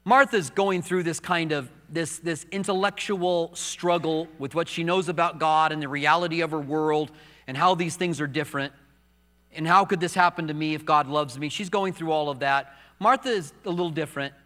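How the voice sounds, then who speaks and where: A man preaching a sermon as pastor, moving between soft, hushed confiding and raised, emphatic preaching in a church sanctuary. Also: a little high, moderate pace. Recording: long reverb of a large hall.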